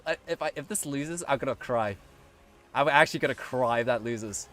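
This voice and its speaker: A young man live-streaming a game, swearing often and swinging between squealing pleas and low muttering. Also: moderate pace, fairly bright tone, soft background music. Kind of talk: live gameplay commentary.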